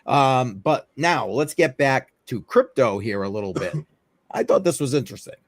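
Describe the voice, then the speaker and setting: A man's voice: mid-range voice, animated, normal speed, dry recording. A man hosting a casual crypto talk show, rambling and offhand with lots of fillers. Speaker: host of a crypto news livestream.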